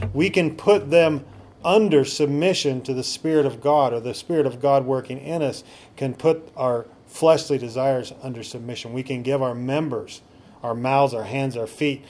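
A man's voice: mid-range voice, darkish tone, a little hiss or hum. A man preaching a sermon as a pastor, often asking the congregation rhetorical questions.

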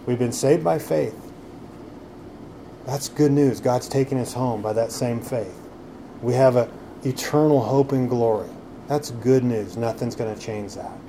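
A man's voice: medium pitch, unhurried, mellow, a little hiss or hum. A man preaching a sermon in a conversational way, full of rhetorical questions. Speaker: pastor.

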